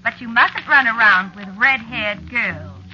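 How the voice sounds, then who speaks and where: A sharp, bright-toned witch wife teases her husband with purring menace. Her high voice jumps lightly up and down. It comes through a dull, muffled old radio recording. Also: animated, unhurried, soft background music, exaggerated voice. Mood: sly menace. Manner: purring, sly, mocking. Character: jealous teasing witch wife, coolly menacing. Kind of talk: 1940s radio acting.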